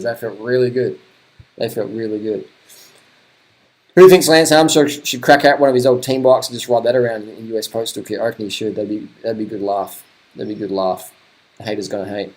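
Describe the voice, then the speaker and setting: A man's voice: lowish voice, darkish tone. A middle-aged man, commentating old race footage in a blunt, sweary, chatty way, often laughing.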